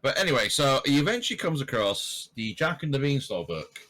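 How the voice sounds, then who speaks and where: A man's voice: medium pitch, very animated, brisk, bright, forceful tone. A man co-hosting a casual movie podcast, joking, swearing and laughing a lot. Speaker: podcast guest co-host.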